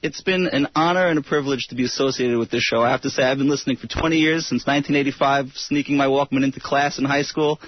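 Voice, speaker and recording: A man's voice: medium pitch, steady tone, fast talker, hardly any pauses, no room sound, highs cut off. A man in his thirties from Brooklyn, a guest on a radio show talking in a playful, mock-formal way. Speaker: radio guest, prank caller. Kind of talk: casual radio interview.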